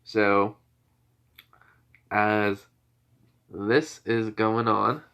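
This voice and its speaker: A man's voice: fairly low pitch, fairly even intonation, very slow, creaky, fairly bright tone, clear, resonant tone, dull audio. A man casually retelling a fan story, rambling with fillers and restarts.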